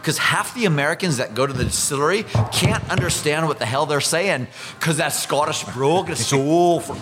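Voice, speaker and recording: A man's voice: fairly high pitch, normal speed, background noise. A man in his fifties from Iowa, a whiskey ambassador, talking emphatically in a casual chat. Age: 50s. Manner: animated, emphatic storyteller.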